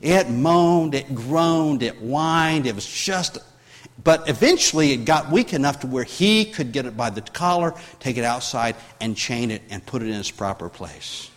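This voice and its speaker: A man's voice: medium pitch, animated, measured pace, long reverb tail. A man preaching a sermon, telling a story with many restarts and rising in force when he drives home his point. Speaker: pastor.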